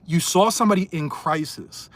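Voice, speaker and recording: A man ranting angrily on a livestream, hurling insults and swinging between loud outbursts and muttered asides. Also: a little high, normal speed. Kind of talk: heated livestream rant.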